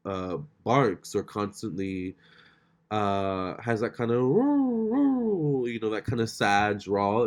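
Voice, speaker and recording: Relaxed, low-voiced man chatting at home. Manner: relaxed, loose, full of "like" and "you know". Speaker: tarot reader and vlogger. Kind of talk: casual vlog talk. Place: his home, with a cat nearby.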